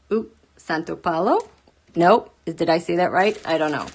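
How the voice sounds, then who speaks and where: A woman hosting a casual live tarot stream, chatty and animated, often laughing and jumping up into high exclaims. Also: normal speed, husky. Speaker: tarot reader host.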